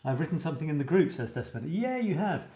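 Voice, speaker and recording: He speaks quickly in a fairly high, sing-song, warm voice as host of a live show about writing. Chatting casually, he eagerly reads out comments from viewers, and the recording sounds roomy and echoey.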